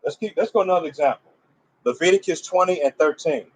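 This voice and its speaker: Emphatic man teaching, higher-pitched voice. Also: lively intonation, fast talker, breathy edge, low-quality recording. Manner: emphatic, fires rhetorical questions at listeners; loose conversational phrasing with restarts. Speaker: religious teacher. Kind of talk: informal religious teaching.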